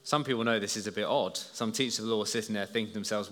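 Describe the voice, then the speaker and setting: Bright-voiced preacher in a reverberant church. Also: male voice, fairly low pitch, very fast. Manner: lively, storytelling, talks to listeners as "you". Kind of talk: children's talk sermon. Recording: long hall reverb.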